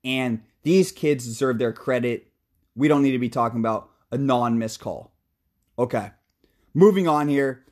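A man's voice: medium pitch, moderate pace, darkish tone. A young man hosting a casual sports talk show, ranting heatedly about football, swearing freely and then talking himself back down. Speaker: sports podcast host. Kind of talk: casual sports commentary rant.

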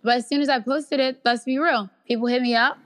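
A woman's voice: high-pitched, fairly even intonation, brisk. A young adult woman, a guest actress, chatting candidly in an interview, swearing freely and acting out the messages people send her. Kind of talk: casual interview chat.

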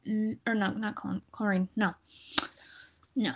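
A young woman in casual chat, quick and enthusiastic, peppering her talk with "like.". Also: medium pitch, fairly even intonation, vocal fry, breathy edge. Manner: says "like" a lot, quick and chatty.

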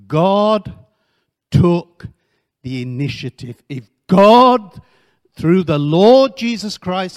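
Guy preaching in church, high voice, slow and drawn out, keeps asking the crowd questions. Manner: animated, asks the congregation questions, joking asides. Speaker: missionary preacher. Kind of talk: sermon.

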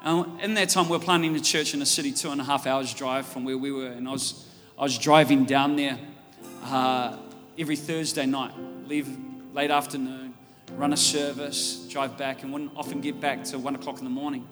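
An Australian man preaching a sermon, telling stories and building up to loud, fervent preaching. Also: medium pitch, fairly even intonation, normal speed. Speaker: pastor. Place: church auditorium. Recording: church hall reverb with faint music.

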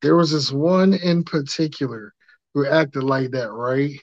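A man's voice: medium pitch, fairly even intonation, measured pace, no room sound. A man telling laid-back, profane stories in a casual podcast chat. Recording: dull lo-fi mic.

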